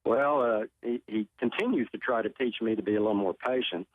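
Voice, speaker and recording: Brisk and fairly low-pitched, an Oklahoma man who lived through a tornado earnestly shares his personal story as a talk show guest, frequently repeating words. The audio has no echo and a tinny, phone-line sound.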